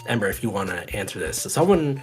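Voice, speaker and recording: A male stream host talking casually and rambling as he goes, often correcting himself. His voice sits low, with faint music behind it. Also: sing-song, fast talker. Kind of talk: casual live stream chat.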